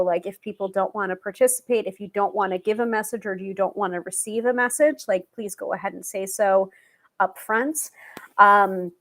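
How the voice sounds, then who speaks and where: A woman's voice: medium pitch, a bit bright. A woman hosting a live tarot stream, talking casually with many fillers and restarts.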